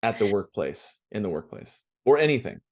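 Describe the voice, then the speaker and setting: A man's voice: fairly low pitch, sing-song, normal speed, a little mellow. A man hosting a casual podcast interview, chatty and upbeat with slangy reactions. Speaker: podcast host.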